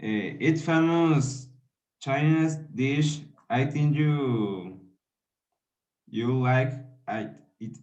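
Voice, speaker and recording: A male student reading a practice dialogue aloud, hesitant and halting. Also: medium pitch, darkish tone. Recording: distant lo-fi video call.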